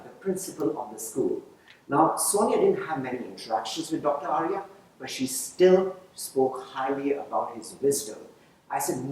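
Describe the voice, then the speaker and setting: A man giving a motivational storytelling speech on stage, swinging dramatically between loud and hushed. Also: medium pitch. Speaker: public speaker. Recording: very echoey hall, mic far off.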